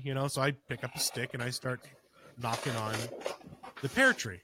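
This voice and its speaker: A man casually telling a personal story, acting out his own quotes with sudden jumps in pitch. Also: lively intonation, a little fast, sharp tone, breathy edge, dry recording. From Pennsylvania.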